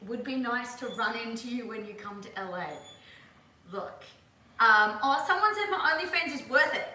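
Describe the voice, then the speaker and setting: Chatting on her livestream, this Australian woman in her twenties reads viewer questions aloud and laughs a lot. Her slightly high voice is expressive, pushed and bright at a moderate pace, recorded from a distance in an echoey room.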